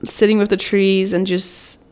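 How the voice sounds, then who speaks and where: A young woman shares her thoughts in a personal self-help vlog. Her voice is smooth and clear at a middle pitch, and she talks in a soft, rambling, confessional way full of fillers. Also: level tone, a little slow. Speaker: vlogger, mother.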